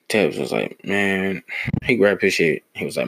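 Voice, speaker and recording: Deep gravelly young man ranting. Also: animated, measured pace, fairly bright tone, no echo. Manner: blunt, profane, heated storytelling. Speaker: podcast host. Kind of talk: casual solo podcast storytelling.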